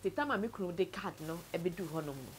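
A Ghanaian woman with a somewhat low voice tells a painful story from her own life. She mixes Twi and English and often drops to a quiet, sunken tone. A faint noise sits under the recording. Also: lively intonation, fast talker. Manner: tells a sad story, switches between Twi and English, voice sinks low and soft. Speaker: interviewee. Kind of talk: personal story told to camera.

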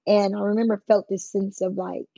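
Husky-voiced woman telling her story. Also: medium pitch, level tone, moderate pace, dark tone, no echo, highs cut off. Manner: emphatic, plain-spoken, acts out quoted voices. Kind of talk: candid conversational storytelling.

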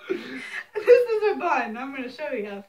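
A woman's voice: high voice, sing-song, a little slow, noisy background. A woman hosting her own video, playing a casual challenge game with her brother and laughing often. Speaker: vlogger host.

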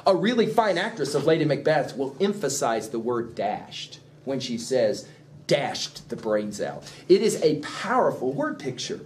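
A middle-aged male teacher with a rather high voice lectures a class in an animated, emphatic way and breaks into chuckling asides. A faint hum of noise sits under his voice. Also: normal speed, hardly any pauses. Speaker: literature teacher.

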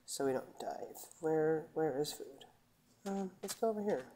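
A woman with a notably low voice talks through a casual gaming session. She rambles between what she's doing and friendly asides to her audience. A faint hiss of background noise sits under her voice. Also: expressive, a little slow, dark tone. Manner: chatty, rambling, talks to viewers. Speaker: gaming channel host. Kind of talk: casual gameplay commentary.

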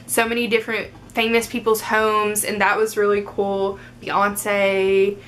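A woman's voice: medium pitch, completely flat delivery, measured pace, fairly bright tone. Chatty young woman vlogging. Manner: chatty, upbeat, lots of fillers like "um" and "like". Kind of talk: casual get-to-know-me Q&A.

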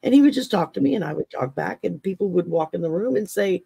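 A woman's voice: on the low side, expressive, fast, vocal fry, warm tone, husky, no room sound. A middle-aged woman from Texas, hosting an interview and telling personal stories in a chatty way, often laughing as she talks. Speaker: podcast host. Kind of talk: casual interview storytelling.

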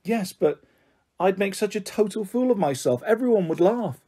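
A man's voice: sits high, expressive, normal speed, dark tone, slightly rough, voice pushed up. A man reading the part of a shy, anxious young schoolgirl in an audiobook, with a worried, self-doubting manner. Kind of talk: audiobook character voice.

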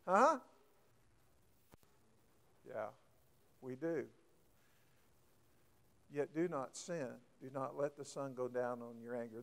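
A man preaching a folksy sermon, often asking the congregation questions and getting emphatic. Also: medium pitch.

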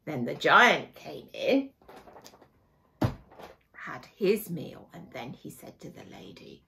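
A woman teacher telling a fairy tale to young children, with dramatic, hushed moments. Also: low voice, slow, gravelly, long pauses. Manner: expressive, dramatic, hushed asides.

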